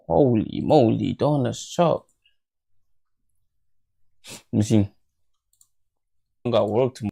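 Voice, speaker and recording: In his home bedroom, a tired, half-asleep young man hosts a late-night livestream in a creaky, darkish mid-range voice at a moderate pace, pausing often. Drowsy and mumbling, he rambles in slangy casual chat and talks to himself.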